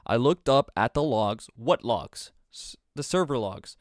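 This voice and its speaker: A man's voice: mid-range voice, a little slow, no echo, studio quality. A young man streaming live, reacting casually in slang and calling everyone bro, now and then swearing. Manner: slangy, says bro constantly, swears, excitable.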